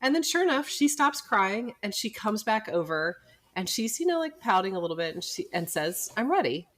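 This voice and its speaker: A woman's voice: medium pitch, normal speed. A middle-aged woman, a physician and podcast co-host, telling a family story in casual chat and acting out the people she quotes. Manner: animated storyteller who acts out quoted people.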